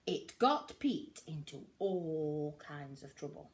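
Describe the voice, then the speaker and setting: An older woman with a grandmother's manner, animated and expressive, reading a picture book aloud to children. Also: low-pitched, takes it slowly, very noisy. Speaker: storyteller.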